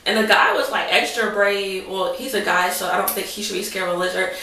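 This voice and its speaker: A woman's voice: mid-range voice, fairly quick, vocal fry, bright, forceful tone. A young woman telling a story to the camera in a rambling, dramatic way, full of "like". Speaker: vlogger. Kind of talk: casual storytelling. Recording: roomy echo, mic at a distance.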